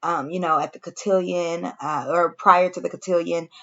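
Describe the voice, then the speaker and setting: A woman recapping a TV episode for her viewers in a casual, animated way, cursing freely and talking straight to the audience. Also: fairly low pitch, moderate pace, highs cut off. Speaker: TV reaction reviewer.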